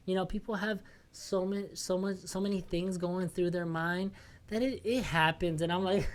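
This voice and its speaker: A man's voice: high voice, normal speed, no room sound. A man hosting a solo podcast, venting in a rambling, profane, self-mocking casual rant. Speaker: podcast host.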